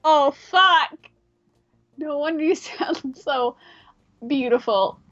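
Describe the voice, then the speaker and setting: A woman's voice: sits high, slow, fairly bright tone, no room sound, lo-fi sound, soft background music. A woman reading a visual novel aloud in a casual way, breaking off for irreverent, swearing asides. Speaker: player reading a game aloud.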